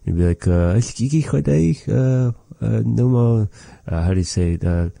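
A man teaching vocabulary in a casual lesson, repeating each word slowly with chatty asides. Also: lowish voice, animated, vocal fry, dark tone, no room sound. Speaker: language teacher.

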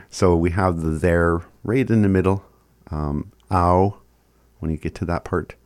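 A man teaching phrases in a casual recorded lesson, chuckling often and sounding words out slowly. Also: sits low, fairly even intonation, darkish tone, dry recording. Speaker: language teacher.

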